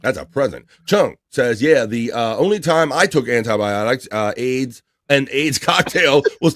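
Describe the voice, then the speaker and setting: A man's voice: mid-range voice, animated, a little slow, few pauses, no echo. A man hosting a casual livestream, reading viewer messages aloud in a loose, chatty way. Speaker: livestream host reading chat. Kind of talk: casual chat.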